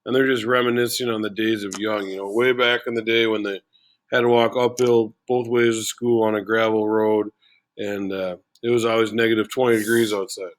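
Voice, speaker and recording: A man's voice: lowish voice, level tone, brisk. A man teaching a play in a casual, chatty way, full of fillers like "you know.". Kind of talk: casual explanatory lesson.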